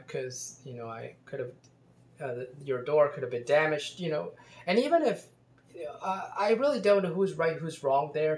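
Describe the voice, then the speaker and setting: A man telling a personal story in a casual monologue, rambling with many restarts and fillers. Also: mid-range voice. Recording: roomy echo.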